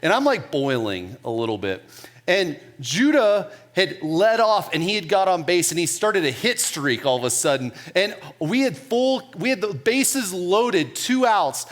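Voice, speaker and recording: Male pastor, 30s, high-pitched, casual and animated sermon delivery. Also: a little slow. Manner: casual, self-mocking storytelling; animated, with laughs.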